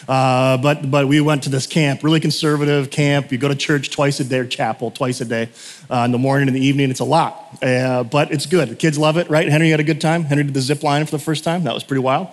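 A man's voice: mid-range voice, steady tone, quick pace. A man preaching a casual sermon, a chatty storyteller who often interrupts himself, in a church sanctuary. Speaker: pastor. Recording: long hall reverb.

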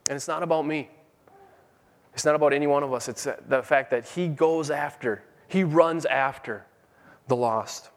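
A man's voice: a little high, moderate pace. A middle-aged man preaching a sermon with fervent, emphatic peaks. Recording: long hall reverb.

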